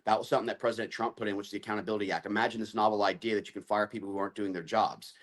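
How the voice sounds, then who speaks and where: A man's voice: on the low side, level tone, very fast. A man speaking as a guest on a political talk show, listing his points in long assertive runs.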